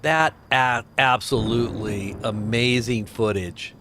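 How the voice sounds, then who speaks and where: A man's voice: mid-range voice, takes it slowly, sharp tone, slight background noise. A man hosting a casual livestream, rambling between scripture and videos and reading out viewer names with chuckles. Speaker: livestream host.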